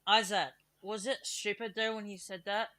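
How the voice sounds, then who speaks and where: Smooth-voiced young Australian streamer, rambling. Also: male voice, sits high, level tone, normal speed, bright, forceful tone. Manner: rambling retelling, filler-heavy. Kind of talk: casual chat over voice call.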